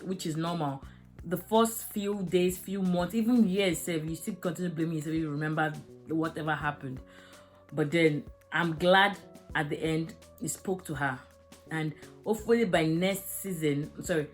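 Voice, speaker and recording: A young woman reviewing a drama episode, talking frankly and emotionally with many fillers. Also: sits low. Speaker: series reviewer. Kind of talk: casual video review.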